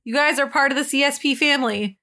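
A woman's voice: high voice, fast, sharp tone. A young woman co-hosting a podcast in casual chat, rambling and giggly, swearing freely. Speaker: podcast co-host.

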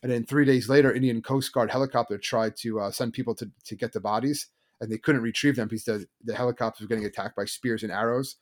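Man, podcast co-host, casual chat, fast talker, loose storytelling, lots of fillers. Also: medium pitch, steady tone.

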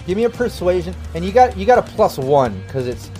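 A man's voice: sits high, sing-song, brisk, dark tone, soft background music. A man acting as game master, narrating scenes in a loose way with many fillers. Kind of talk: narrating a tabletop role-playing game.

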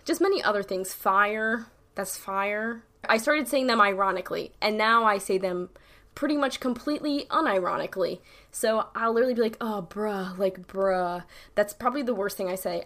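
A woman's voice: mid-range voice, a bit bright. Young woman, New York accent, casual vlog chat, rambling, slangy, filler-heavy. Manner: rambling, slangy, lots of "like" and "literally". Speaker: YouTuber.

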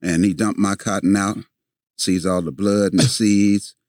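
A man with a very deep, low voice tells a story in an animated way, repeating words as he goes and acting out the lines of the people in it. The recording is dry and close, with no echo. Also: unhurried. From a city, with family in the American South. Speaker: guest. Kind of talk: storytelling in a conversation.

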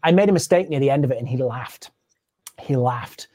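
A touring drummer telling a story in an interview, animated and acting out the people he quotes. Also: medium pitch, fairly quick.

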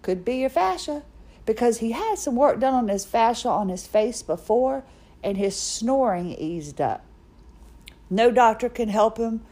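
A woman's voice: on the high side, expressive, a little slow, dark tone. A middle-aged woman hosting a podcast, telling a personal story in a chatty, self-mocking way. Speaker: podcast host. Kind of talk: casual personal monologue.

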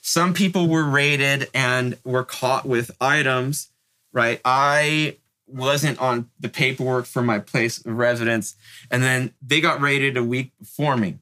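A man's voice: medium pitch, steady tone, a little slow, bright, forceful tone. A middle-aged man from Northern California, an interview guest telling a long casual story in profane street slang, peppered with "like" and "right?". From North Bay, California.

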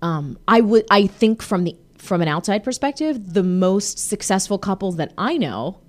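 A woman in her thirties hosting a podcast, chatting casually with her husband, animated with frequent laughs and fillers. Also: mid-range voice, normal speed. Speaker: podcast host.

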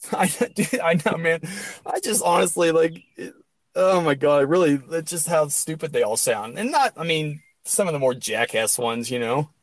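A man hosting a crude, casual comedy podcast chat, now and then bursting into mock sports-announcer shouting. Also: a little high, animated, moderate pace, no echo. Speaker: podcast host.

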